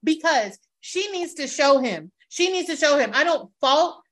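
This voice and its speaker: A woman's voice: high-pitched, animated, a little slow. A woman hosting a podcast in casual chat, blunt and emphatic, swearing freely and acting out what others said. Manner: blunt, emphatic and profane, acts out quotes. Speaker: podcast host.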